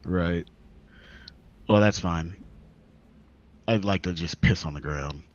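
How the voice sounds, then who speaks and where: Deep-voiced man playing a tabletop game. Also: slow pace, lo-fi sound. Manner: casual, hesitant with fillers. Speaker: player.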